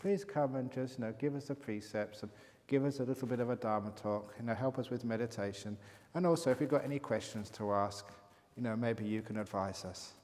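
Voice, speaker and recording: A Buddhist monk teacher telling a story in a relaxed, chatty Dharma talk, often chuckling. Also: male voice, medium pitch, brisk. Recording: long hall reverb.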